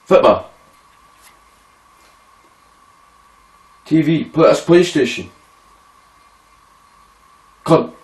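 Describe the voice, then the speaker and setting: A man's voice: fairly high pitch, a little mellow, roomy sound, distant mic. A man with an Aberdeen Scottish accent playing a brash, crude young ned in an amateur comedy sketch, talking coarse and blunt. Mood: blurting.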